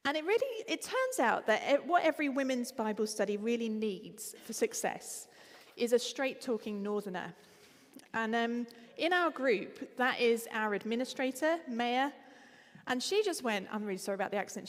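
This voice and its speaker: Lively Essex woman preaching. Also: a little high, normal speed, in a large hall. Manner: conversational, lively, frequent ums. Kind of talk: sermon.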